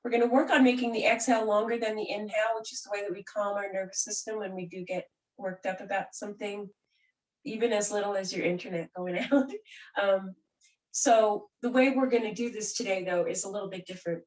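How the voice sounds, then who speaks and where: Calm woman guiding yoga in a roomy space. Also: medium pitch, a little fast. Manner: calm, gentle, soothing guidance. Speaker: yoga teacher. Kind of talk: guided yoga and breathing class. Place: room where she does yoga on a mat. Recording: roomy sound from a distant mic.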